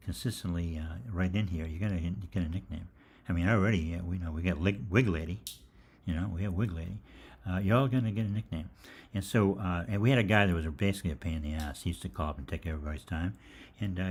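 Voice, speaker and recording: An older man with a deep, low-pitched voice hosts a live question-and-answer session. He drifts from one anecdote to the next, joking and swearing casually as he goes. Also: darkish tone. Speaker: host of a live health Q&A.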